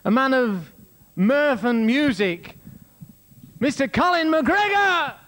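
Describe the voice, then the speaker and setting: A man's voice: very high-pitched, big pitch swings, slow, fairly bright tone. Cheeky male compere on stage. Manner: cheeky, teasing banter. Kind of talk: stage introduction. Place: theatre stage, live show.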